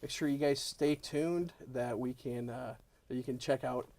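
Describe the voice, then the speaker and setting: A man hosting a casual music interview, excitable and laughing often. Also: mid-range voice, a little slow, crowd noise. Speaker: host.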